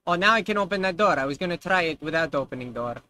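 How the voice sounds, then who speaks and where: A man's voice: fairly high pitch, lively intonation, fast, sharp tone, faint music behind, poor audio. Sarcastic man joking through gameplay. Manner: sarcastic and jokey, talks back to the game. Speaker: let's play host. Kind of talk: casual gameplay commentary.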